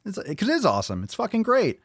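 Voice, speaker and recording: A man hosting a podcast, ranting angrily and mockingly with lots of swearing, jumping loud and high for emphasis. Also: wildly swooping pitch, fast, slightly rough, dry recording, clean studio sound. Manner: profane, angry, mocking. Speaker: podcast host. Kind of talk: ranting solo commentary.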